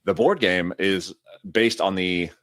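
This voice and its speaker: A man's voice: low-pitched, takes it slowly, fairly bright tone, no room sound, studio quality. A man co-hosting a board game podcast in casual chat, playful and rambling as he tells stories. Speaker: podcast co-host.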